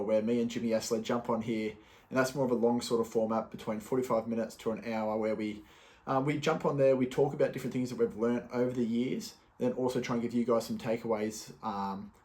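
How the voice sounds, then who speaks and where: A man's voice: mid-range voice, a little mellow. Chatty man hosting a podcast. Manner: loose and chatty, many fillers and restarts. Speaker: podcast host. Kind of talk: casual solo podcast talk.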